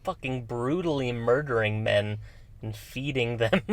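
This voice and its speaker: A man's voice: mid-range voice, a little slow. A young man co-hosting a podcast, chatting casually about a horror film and laughing often while he talks. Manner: relaxed, laughs often while talking, grossed-out reactions. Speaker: podcast co-host. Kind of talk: casual horror movie chat.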